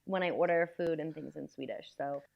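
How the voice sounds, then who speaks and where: An American woman chatting as a podcast guest, telling stories in an animated way and acting out the exchanges she describes. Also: deep voice, brisk, vocal fry, muffled recording. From United States. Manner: animated storyteller who acts out quoted exchanges. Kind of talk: casual chat.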